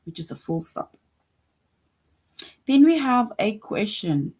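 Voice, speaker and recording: A woman's voice: mid-range voice, sing-song, darkish tone, breathy edge. A woman teaching an online grammar lesson to young children, patient and repetitive, often checking in with "right?". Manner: slow, patient, repeats points with frequent "right?".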